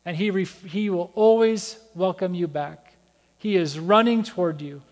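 A man preaching as a pastor, telling a story with animated acted-out voices. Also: high voice, unhurried. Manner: animated storytelling, acting out Bible characters' voices. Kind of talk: sermon. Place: church sanctuary. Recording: church hall reverb.

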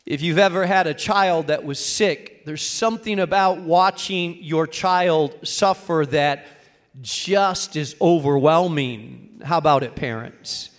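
A man with a fairly high voice preaches a sermon. He speaks earnestly and builds to emphatic high points. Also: slow pace. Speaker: pastor.

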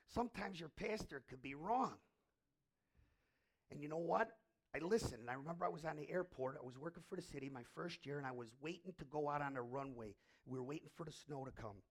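A man's voice: a little high, fast talker. A middle-aged man preaching a sermon as pastor, telling a story emphatically and asking rhetorical questions.

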